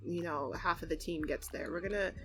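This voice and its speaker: A woman's voice: lowish voice, a little fast, a bit bright, soft background music, lightly acted, low-quality recording. A woman voicing a confident, upbeat young woman sim who rallies her team in a life-simulation game. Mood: rallying. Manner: breezy, encouraging.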